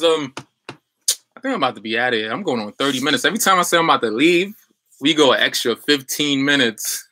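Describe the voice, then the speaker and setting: A man's voice: mid-range voice, sharp tone, dry recording. A young adult man chatting loosely on a livestream as a business coach, full of fillers and restarts while reading viewer comments.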